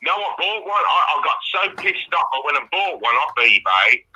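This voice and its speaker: A man's voice: fairly high pitch, big pitch swings, normal speed, bright, forceful tone, slightly rough, highs cut off. A man calling in by phone to a live chat, ranting furiously and swearing constantly. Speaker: caller. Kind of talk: angry call-in rant. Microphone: phone call.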